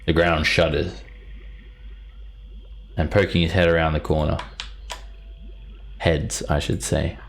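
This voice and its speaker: Slow gravelly game master man. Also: very deep voice, little pitch movement, slight background noise, poor audio. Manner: descriptive, unhurried, with fillers. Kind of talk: narrating a tabletop game.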